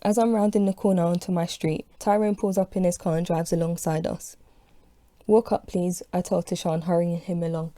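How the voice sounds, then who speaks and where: Woman narrating her own novel, low dark voice, dry close sound, expressive first-person storytelling. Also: brisk, few pauses, dry recording. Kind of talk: audiobook narration.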